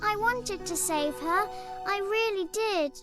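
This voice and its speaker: A man voicing a mysterious little girl who speaks slowly, quietly and mournfully. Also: very high-pitched, voice pushed up. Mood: sorrowful. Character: sad mysterious little girl, soft and apologetic. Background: game music.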